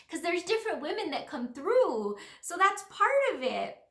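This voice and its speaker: A woman's voice: high voice, very animated, normal speed, gravelly, bright, forceful tone. A woman talking through a casual, reflective monologue as a spiritual healer, in an earnest, rambling way full of fillers. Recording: roomy echo.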